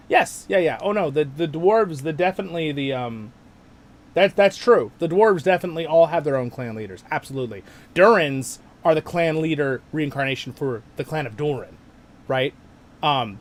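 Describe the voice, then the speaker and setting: Excitable man hosting a gaming stream. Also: medium pitch. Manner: rambling, excitable, reads out chat messages. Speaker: livestream host. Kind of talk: casual gaming livestream chat.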